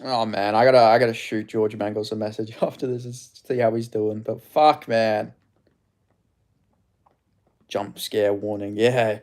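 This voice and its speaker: A man's voice: on the low side, little pitch movement, unhurried, a little mellow. A man, ranting and swearing indignantly as he hosts a live watch-along stream. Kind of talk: live stream reaction commentary.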